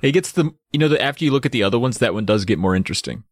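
A man's voice: mid-range voice, animated, very fast, no echo, studio quality. A man co-hosting a casual chat podcast, joking and playful. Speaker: podcast co-host.

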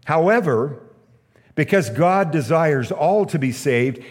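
Guy preaching a sermon, earnest storyteller, mid-pitched voice, long echo like a big hall. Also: darkish tone. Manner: earnest storytelling preacher, emphatic repeated phrases. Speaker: pastor.

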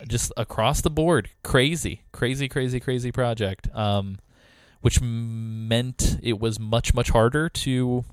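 A man's voice: mid-range voice, takes it slowly, clear, resonant tone, no room sound. Reflective man leaving his podcast, dry sound. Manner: reflective, a little emotional, hesitant. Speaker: departing podcast co-host. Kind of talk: casual chat.

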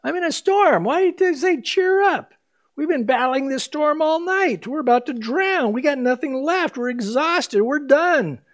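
A man's voice: lively intonation, unhurried. A man playing panicked frightened disciples. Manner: frantic, pitch jumping up in alarm.

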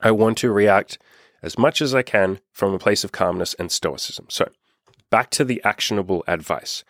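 A man's voice: lowish voice, moderate pace, fairly bright tone, dry recording, clean studio sound. A man hosting a podcast, giving casual self-help advice straight to his listeners, laid-back and swearing freely. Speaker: podcast host.

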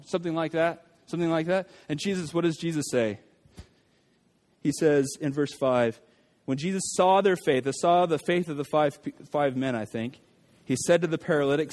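A man preaching in a slightly high voice. He talks in an animated way and puts on the voices of the people in the story. He often restarts his sentences as he works through the passage. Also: fairly quick. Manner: animated, acts out the crowd's voices, many restarts. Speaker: pastor. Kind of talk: sermon.

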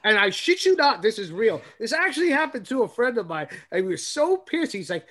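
Man from the West Coast, higher voice, animated storyteller with casual swearing. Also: a little fast. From West Coast, USA. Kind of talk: casual chat.

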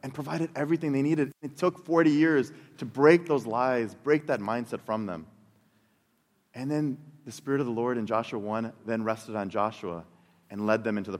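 A man in his thirties preaches with earnest conviction, his voice sitting a little higher than most men's. He often circles back and repeats words as he builds each point. A long reverb trails his words around a large hall. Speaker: pastor. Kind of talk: sermon.

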